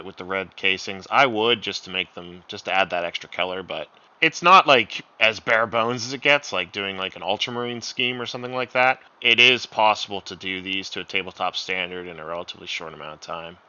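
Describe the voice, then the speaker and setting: A man co-hosting a casual chat, animated and laughing often. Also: on the low side, a little fast, hardly any pauses, muffled recording. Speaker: co-host.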